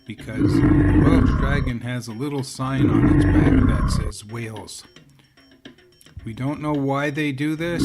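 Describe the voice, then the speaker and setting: A man voicing David Cattenborough, an earnest male nature documentary narrator, in measured documentary narration. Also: mid-range voice, vocal fry.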